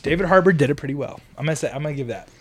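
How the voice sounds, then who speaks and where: A man's voice: a little high, animated, very fast, a crowd in the background. A young man hosting a podcast, laughing often and joking at his own expense. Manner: giggly, self-deprecating. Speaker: podcast host. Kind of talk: casual podcast chat.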